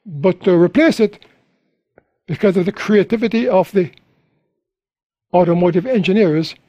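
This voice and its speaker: High-voiced preacher, dry sound. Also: male voice, normal speed, warm tone, dry recording, lo-fi sound. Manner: storytelling preacher, rising to high emphatic peaks. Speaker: pastor. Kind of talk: sermon.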